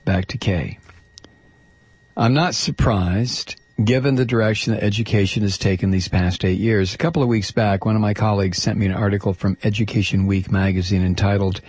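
A man's voice: on the low side, fairly even intonation, a little fast, a little mellow, breathy edge, dry recording. A man hosting a talk show, reading a listener's letter aloud in an emphatic, sarcastic way. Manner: emphatic, sarcastic, stretches key words.

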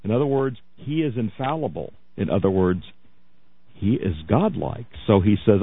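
A man's voice: fairly low pitch, lively intonation, moderate pace, husky, no room sound. A man hosting a radio talk show, chatty and mocking, often laughing as he tells a story. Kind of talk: casual radio commentary. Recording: tinny phone-like radio audio.

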